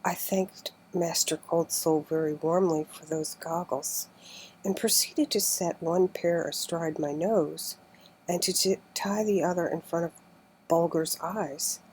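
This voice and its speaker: A woman narrating an old adventure book in a slow, careful audiobook reading that often sinks to a near whisper. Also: fairly low pitch, fairly even intonation, a little mellow, slight background noise, low-quality recording.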